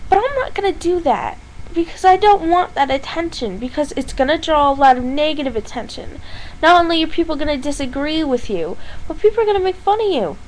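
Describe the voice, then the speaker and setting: A young woman with a high voice rants straight to camera, blunt and exasperated, with a sarcastic edge. A faint background noise sits under her voice. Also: rough recording. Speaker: vlogger. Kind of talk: ranting vlog monologue.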